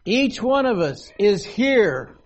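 Older male preacher, higher-pitched, slow deliberate sermon with long pauses at a podium. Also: sing-song. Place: meeting hall, at a podium.

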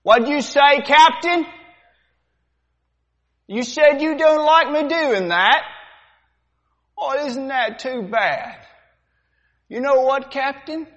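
A man's voice: very high-pitched, animated, slow pace, pauses often, a bit bright, pitched above the performer's own voice, exaggerated voice. A man playing a brutish, swaggering slave-ship sailor who taunts and threatens, in a dramatic demonstration during a sermon. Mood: sneering. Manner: taunting, threatening, calls people mate and buddy. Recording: dull sound, long hall reverb.

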